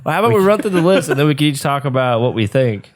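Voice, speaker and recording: A man co-hosting a casual gaming podcast, talking in a relaxed, matter-of-fact way. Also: a little high, fast talker, a little hiss or hum. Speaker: podcast co-host. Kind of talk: casual chat.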